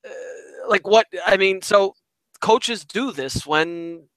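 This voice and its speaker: A man's voice: high-pitched, takes it slowly, fairly bright tone, clean tone, no room sound. A man co-hosting a casual sports talk show, hesitant and questioning, often trailing off mid-thought. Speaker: sports podcast co-host.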